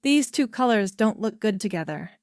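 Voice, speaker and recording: A woman's voice: medium pitch, animated, normal speed, a little mellow, clean tone, no room sound, clean studio sound, lightly acted. A woman reading a frank society lady. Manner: frank and direct. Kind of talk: storybook dialogue.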